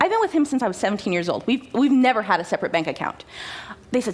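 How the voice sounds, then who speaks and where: A young woman speaks to a conference audience from a stage in a chatty, self-mocking manner. Her delivery is animated, and she often restarts her sentences as she goes. She is picked up by a stage microphone in a large auditorium. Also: mid-range voice, rapid-fire. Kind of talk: personal talk to a conference audience.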